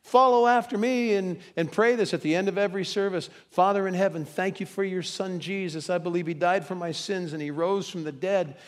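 A man's voice: high voice, fairly quick, few pauses. Man preaching in a reverberant hall. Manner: dramatic swings from hushed to loud, acts out quotes. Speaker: pastor. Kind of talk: sermon.

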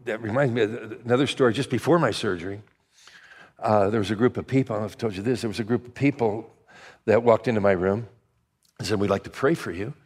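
An older man, a pastor, preaching a sermon in a chatty storytelling way, with lots of restarts and lively asides. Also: lowish voice, quick pace, breathy edge. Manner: conversational storytelling, many restarts, animated asides.

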